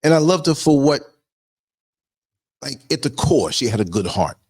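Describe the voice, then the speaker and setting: A man hosting a podcast, telling stories in a loose, conversational way, with quick asides to his listeners and bursts of mimicry. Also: medium pitch, breathy edge, no room sound, studio quality. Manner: animated, jumps into mimicry and sound effects; conversational, frequent asides to viewers. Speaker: podcast host. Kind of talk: casual storytelling monologue.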